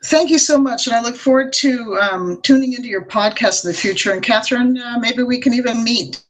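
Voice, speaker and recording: An American woman, a guest author, chatting in a friendly way with many pauses and ums. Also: a little high, slight background noise, poor audio. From United States. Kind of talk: casual interview chat.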